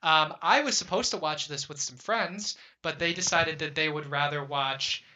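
A young man hosting a casual podcast chat, earnest and hesitant, often pausing on fillers. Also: fairly high pitch, pushed and bright. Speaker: podcast host.

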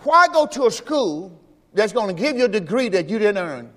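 The pastor's voice sits high and is fairly bright and very animated, moving at a moderate pace through a folksy sermon. He repeats phrases and calls for the congregation to answer, his words ringing with long reverb through the sanctuary during the service.

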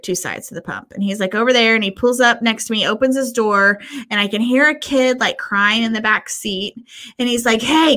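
A woman co-hosting a podcast, telling a story in casual chat, swearing freely and acting out what people said. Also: fairly high pitch. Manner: animated storyteller, swears freely, acts out quotes. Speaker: podcast co-host.

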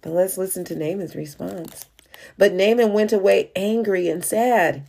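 A woman's voice: mid-range voice, normal speed, creaky, darkish tone, breathy edge. A woman leading a Bible study. She reads scripture aloud and then explains it conversationally, with frequent fillers. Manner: frequent "uh" and "you know" fillers. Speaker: Bible teacher.

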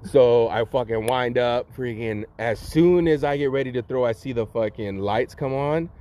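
A man's voice: medium pitch, normal speed, warm tone, slight background noise. A young man telling a story in casual chat, swearing constantly and laughing between lines. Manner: profane, laughing, lots of "like". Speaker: host telling stories.

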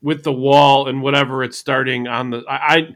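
A man's voice: mid-range voice, little pitch movement, normal speed, fairly bright tone. A man hosting a casual podcast chat, rambling and thinking aloud as he talks. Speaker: podcast host.

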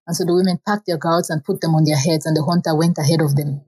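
A woman with a slightly husky, lowish voice reads an old folk tale aloud. Her telling is plain and steady, with simple repeated phrasing and an unhurried rhythm. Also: low-quality recording. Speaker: storyteller.

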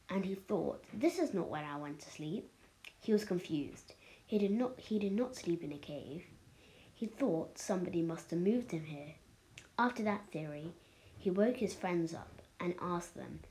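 A woman's voice: lowish voice, warm tone, breathy edge, rough recording. A woman reading a story aloud in a plain manner, with small restarts.

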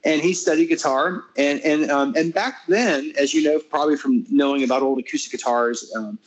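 Rambling American guitarist in conversation. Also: male voice, fairly high pitch, moderate pace, poor audio. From United States. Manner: rambling, many restarts and fillers, animated when retelling. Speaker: classical guitarist and interview guest. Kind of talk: casual conversational interview.

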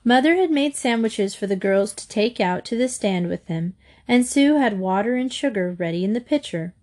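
A woman narrating a children's storybook in a gentle, measured reading voice. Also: a little high, animated.

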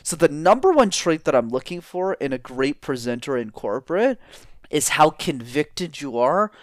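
A man's voice: a little high, normal speed, dry recording, clean studio sound. A man talking as a guest in an interview, coaching on public speaking and shifting his tone up and down to demonstrate. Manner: animated, demonstrates vocal tones. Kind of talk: energetic interview talk.

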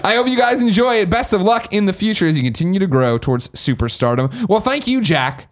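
A boisterous man hosts a studio podcast and reads out listener mail with playful, profane energy. His voice sits a touch high and swings widely up and down as he hams it up. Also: big pitch swings, brisk. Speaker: podcast host. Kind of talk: casual podcast chat reading listener mail.

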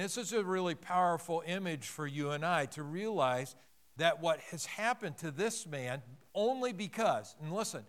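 A man preaching a sermon earnestly, swelling louder and slowing down on the key phrases. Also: fairly high pitch. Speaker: pastor.

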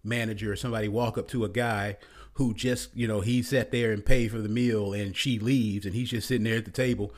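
A man's voice: lowish voice, steady tone, fairly quick. Exasperated man ranting casually. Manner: blunt, exasperated, repetitive with many restarts.

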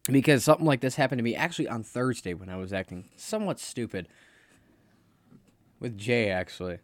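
A man's voice: medium pitch, lively intonation, a little fast. A young man hosting a solo podcast, rambling and blunt, swearing freely as he talks. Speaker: podcast host. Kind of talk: casual solo podcast monologue.

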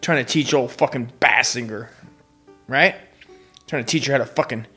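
A man's voice: fairly high pitch, bright, forceful tone. A man doing a profane, rambling comedy rant that slips into sing-song bits. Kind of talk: crude improvised comedy rant.

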